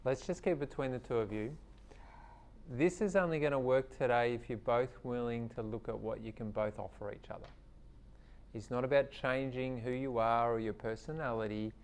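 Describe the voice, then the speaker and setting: A man leading a mediation demonstration, calm and steering with reflective questions. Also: medium pitch, normal speed, clean tone.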